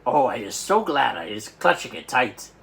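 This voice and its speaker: A man doing a booming big friendly giant. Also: sing-song, normal speed. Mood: agitated. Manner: jumbled grammar and made-up words, loud outbursts. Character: big friendly giant, old, huge, excitable.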